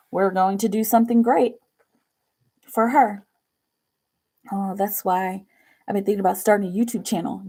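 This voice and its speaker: A woman's voice: mid-range voice, vocal fry, warm tone. A young woman hosting a tarot livestream, chatting casually to viewers in a rambling way, laughing often and saying "like" a lot. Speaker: tarot reader livestream host.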